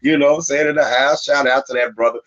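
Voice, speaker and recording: A man in his fifties co-hosting a livestreamed talk show. He chats casually, laughs often and gives listeners shout-outs. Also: medium pitch, fast talker. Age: 50s. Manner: animated, laughing, gives shout-outs, often asks "you know what I'm saying". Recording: dull lo-fi livestream audio.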